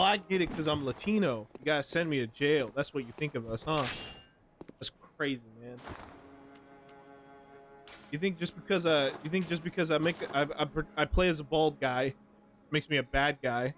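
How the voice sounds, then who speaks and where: A man in his twenties talks to his viewers while playing a game, rambling from one thought to the next. His speech is slangy and relaxed, broken up by frequent laughs, and his voice sits a little higher than most men's. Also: moderate pace, long pauses, faint music behind. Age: 20s. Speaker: streamer. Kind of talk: casual gameplay commentary to chat.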